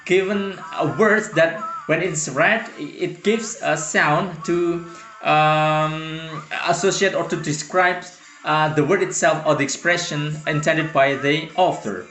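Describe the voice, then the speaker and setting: A man's voice: a little high, a little slow, sharp tone. A man teaching a poetry lesson, hesitant with many fillers, who reads verse aloud with a rhythmic lilt. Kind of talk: lecture explaining poetry. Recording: roomy with faint music.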